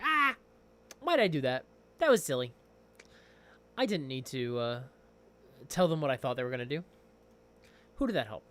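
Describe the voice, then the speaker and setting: A young man chatting casually on a livestream as a game master, rambling and excitable. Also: on the high side, smooth.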